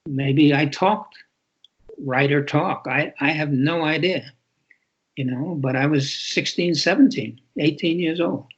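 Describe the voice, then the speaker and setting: A man's voice: a little high, a little slow, slightly rough. A man in his eighties from New York City, an author speaking reflectively in an interview, often repeating words for emphasis. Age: 80s. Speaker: author guest. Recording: lo-fi muffled audio.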